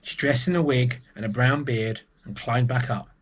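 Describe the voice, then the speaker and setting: A man reading a picture book aloud to young children, gentle and unhurried. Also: medium pitch. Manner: gentle and unhurried, with small restarts.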